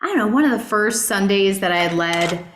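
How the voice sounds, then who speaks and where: A woman's voice: medium pitch, brisk, a little hiss or hum. Earnest woman teaching a Bible class. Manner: earnest, animated storytelling with rhetorical questions. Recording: roomy echo.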